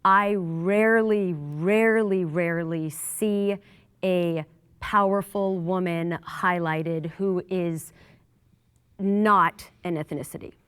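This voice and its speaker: Slow, smooth-voiced woman in a debate. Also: fairly low pitch, steady tone, no echo. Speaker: debate participant. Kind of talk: debate discussion.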